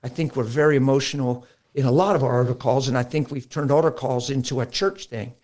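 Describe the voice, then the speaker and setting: A middle-aged man, a pastor, talking about faith in a lively conversational preaching style, acting out quotes as he tells stories. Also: mid-range voice, brisk. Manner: animated storytelling, acts out quotes. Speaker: pastor guest.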